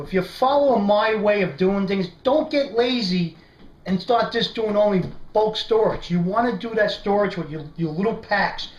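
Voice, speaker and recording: A man's voice: sits high, muffled recording. A man with a New York accent hosting a casual how-to vlog, chatty and constantly asking "right?". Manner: chatty, says "right?" constantly, animated storyteller. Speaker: prepping video host. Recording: echoey room, faint noise.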